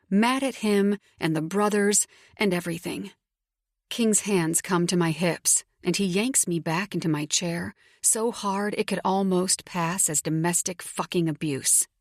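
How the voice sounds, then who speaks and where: Woman reading a romance audiobook in first person, steady and intimate, lower voice, dry mic. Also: no echo. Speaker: audiobook narrator. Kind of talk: first-person scripted narration.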